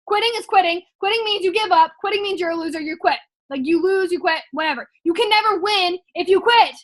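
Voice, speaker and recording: A woman's voice: very high-pitched, fairly bright tone. A young woman, talking through motivational sales-training notes in a casual vlog, chatty and emphatic with lots of "like" and "um". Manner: chatty and emphatic, heavy use of "like" and "um".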